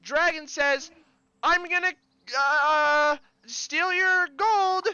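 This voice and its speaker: A man voicing an excitable town guard who leads a crowd game in a tabletop session, loud and playful. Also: extremely high pitch, very slow, no room sound, muffled recording, voice pushed up, heavily acted. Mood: excited.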